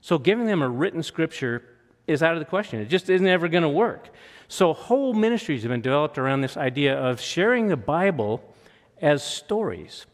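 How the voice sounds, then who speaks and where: An older man preaching a storytelling sermon in a conversational, self-deprecating way, with lively quoted asides. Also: a little high, a little fast. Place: church hall. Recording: long hall reverb.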